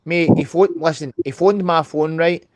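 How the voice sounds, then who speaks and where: A middle-aged Scottish man hosting a live stream, telling a rambling story fast and swearing freely. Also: a little high, darkish tone, dry recording. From Scotland. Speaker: livestream host. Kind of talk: casual chat on a live stream.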